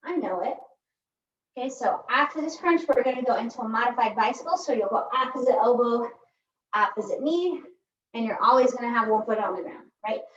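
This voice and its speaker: A woman's voice: fairly high pitch, brisk. A woman instructing a pilates workout in a chatty, joking way, often tagging her cues with "right?". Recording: echoey room, distant mic, dull sound.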